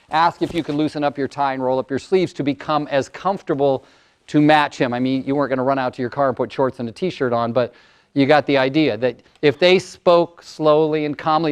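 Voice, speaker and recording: A man in his sixties, a motivational speaker and coach, telling stories and acting out voices in a lively workshop talk to an audience. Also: on the high side, smooth. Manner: animated storyteller, acts out client voices.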